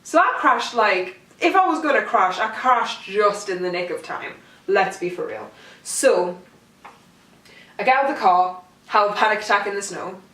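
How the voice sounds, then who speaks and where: Her voice is medium in pitch, expressive and fairly bright, moving at a normal pace. A young vlogger rambles through a self-deprecating storytime at home, with a far mic giving the room an echoey feel.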